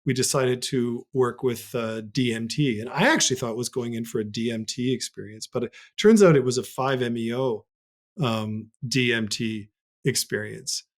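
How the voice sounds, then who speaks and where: Earnest man telling a personal story. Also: moderate pace. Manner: earnest and reflective, voice jumps high when reliving scenes. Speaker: podcast guest.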